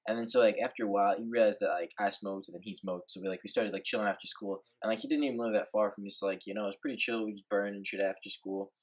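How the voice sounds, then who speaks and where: A man's voice: on the low side, fairly even intonation, very fast, few pauses. A young man telling a rambling, laid-back story in a casual vlog, full of filler words and swearing. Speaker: vlogger.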